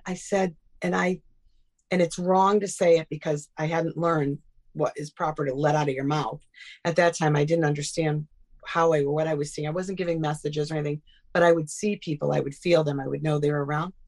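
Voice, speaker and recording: A woman's voice: deep voice, normal speed. A middle-aged woman telling personal stories in a casual interview, acting out quoted dialogue. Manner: animated, acts out quoted dialogue. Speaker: guest.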